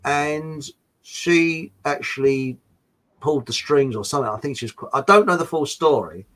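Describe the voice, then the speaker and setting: A man's voice: on the high side, expressive, moderate pace, fairly bright tone, rough recording. An English man chatting as a guest, telling rambling anecdotes with frequent restarts. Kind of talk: casual chat.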